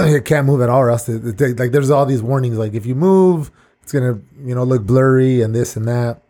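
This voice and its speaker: A man's voice: medium pitch, a little fast, warm tone. A young man co-hosting a casual podcast chat, rambling and profane, laughing as he tells stories. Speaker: podcast co-host.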